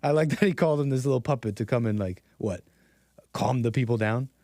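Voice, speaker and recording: A man's voice: mid-range voice, fairly quick, mellow, dry recording, studio quality. A man hosting a casual commentary stream, rambling with frequent restarts and laughing at his own asides. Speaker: host.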